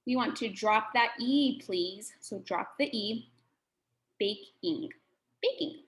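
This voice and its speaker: A woman teaching a children's phonics lesson, sounding out words slowly and patiently. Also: medium pitch, slight background noise.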